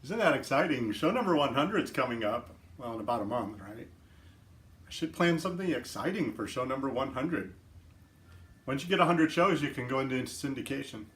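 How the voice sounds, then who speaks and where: A friendly, talkative man hosts a live stream in a relaxed, casual way. He laughs often and chats directly with the viewers, greeting each one by name. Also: medium pitch, normal speed. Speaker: livestream host. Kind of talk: casual chat.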